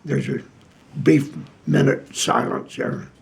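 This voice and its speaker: An older man, a retired piano player, telling old stories slowly with many pauses and fillers. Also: medium pitch, steady tone, gravelly, a little hiss or hum. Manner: slow, halting storytelling with many fillers. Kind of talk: casual anecdote.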